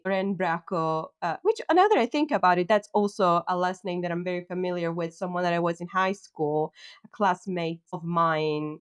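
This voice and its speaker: A lower-pitched woman talks through a podcast episode in a candid, chatty way, leaning on casual fillers. Her voice is smooth and clean, recorded close and dry with no room sound. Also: dry recording. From Sicily, Italy. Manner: candid, chatty, frequent fillers like "like" and "you know". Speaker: podcast host. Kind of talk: casual critical commentary.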